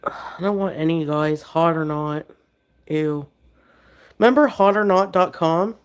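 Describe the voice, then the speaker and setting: A woman with a slightly low voice that sounds sick. She rambles casually through a livestream, drifting between viewers' comments and her pet. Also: measured pace, clear, resonant tone. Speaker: livestreamer reading chat.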